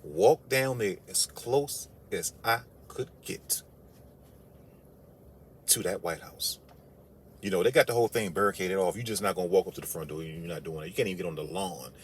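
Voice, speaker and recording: Low-voiced man telling an emphatic story. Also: normal speed, slight background noise. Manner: emphatic, incredulous, rises sharply when outraged. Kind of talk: animated storytelling monologue.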